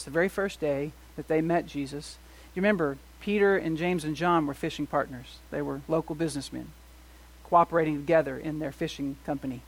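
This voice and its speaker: A middle-aged male pastor preaching a sermon. He swings from soft to loud and asks the congregation rhetorical questions. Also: a little high.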